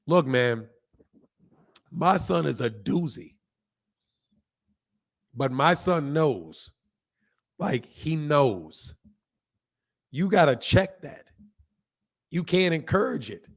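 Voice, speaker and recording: Hoarse man hosting boxing talk. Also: fairly high pitch, sing-song, drawn-out words, pauses often. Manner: talks straight to viewers, repeats himself for emphasis; reads out chat comments. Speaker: boxing channel host. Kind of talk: casual livestream commentary.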